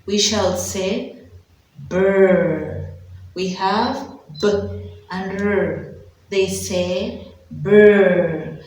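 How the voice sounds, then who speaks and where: A Ugandan woman teaching phonics to small children speaks at a very slow, careful pace. She draws out each letter sound. Her voice comes from some distance in a very echoey room with faint background noise. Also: mid-range voice. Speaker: preschool teacher. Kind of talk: phonics lesson for young children.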